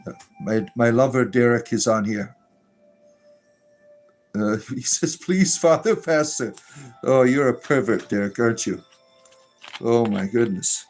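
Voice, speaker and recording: A man's voice: mid-range voice, steady tone, measured pace, pauses often, darkish tone, soft background music. A man hosting a casual livestream, reading chat messages aloud in a joking, irreverent way and laughing often.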